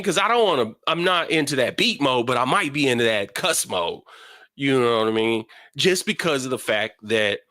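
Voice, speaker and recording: A middle-aged man hosting a casual spiritual talk, telling stories with animated acted-out quarrels in a high voice. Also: no echo, clean studio sound. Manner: animated storytelling, acts out family quarrels in a high voice. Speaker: host.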